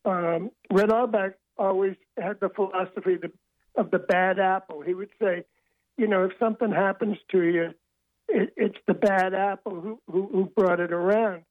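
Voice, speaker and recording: A man's voice: high-pitched, fairly even intonation, normal speed, no echo. An older man tells a winding story over a thin, tinny phone line. He restarts his phrases again and again as he goes. The sound is dry, with no room around it. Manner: rambling anecdotal storyteller, frequent restarts. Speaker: author and interview guest. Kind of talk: phone-in radio interview storytelling. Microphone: telephone.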